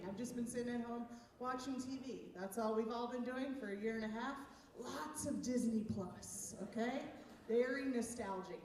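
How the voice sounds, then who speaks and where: A woman doing a stand-up set on a comedy club stage, chatty and self-mocking, laughing at her own jokes. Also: on the high side. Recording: echoey room, far from the mic, noisy.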